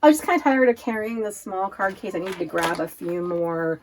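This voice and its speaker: A woman's voice: mid-range voice, steady tone, a little fast, slight background noise. A woman from Oregon chatting casually to camera at home as a vlogger, rambling and laughing often. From Oregon, USA. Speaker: lifestyle vlogger.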